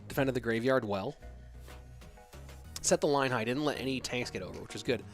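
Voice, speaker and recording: A man's voice: mid-range voice, normal speed, soft background music. A man streaming from home, commentating an esports match live and stopping to answer chat questions in a loose, rambling way.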